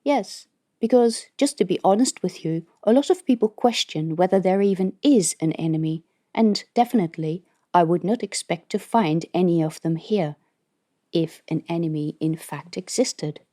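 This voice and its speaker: A woman's voice: lowish voice, moderate pace, warm tone, lightly acted. A woman voicing a flustered, earnest male space biologist in an audiobook, apologetic in tone.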